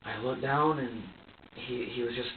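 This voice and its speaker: Suspect in interview room; halting, restarts often; recorded from a distance in an echoey room. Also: male voice, medium pitch. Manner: halting, stumbling restarts, repeats himself. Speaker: suspect being questioned. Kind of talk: police interrogation. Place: sheriff's office interview room. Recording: tinny, echoey room audio from far off, faint hiss.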